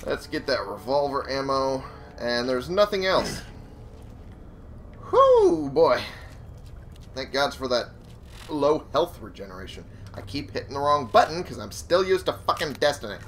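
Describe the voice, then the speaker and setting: A man's voice: mid-range voice, very animated, unhurried, pauses often, a bit bright, slight background noise. Casual swearing let's-play man. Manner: casual, swearing, laughing to himself. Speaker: gamer.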